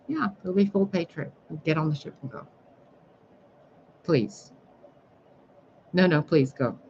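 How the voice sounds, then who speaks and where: A woman's voice: low voice, a little mellow, muffled recording, slight background noise. A woman livestreaming a blunt, sarcastic monologue, scolding her viewers and swearing freely. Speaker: spiritual livestreamer.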